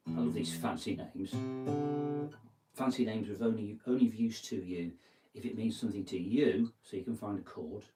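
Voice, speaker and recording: A man giving a relaxed guitar lesson, thinking aloud and counting out beats as he plays. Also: on the low side, moderate pace. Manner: thinking aloud, counts beats and sings lyric snippets while playing. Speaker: guitar teacher. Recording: distant mic with guitar playing.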